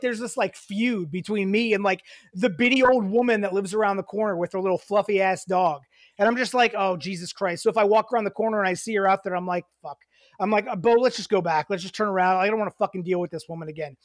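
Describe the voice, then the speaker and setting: A man co-hosting a casual podcast, telling stories in an animated way, swearing and rising in pitch when riled. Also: fast, no echo, studio quality. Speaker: podcast co-host.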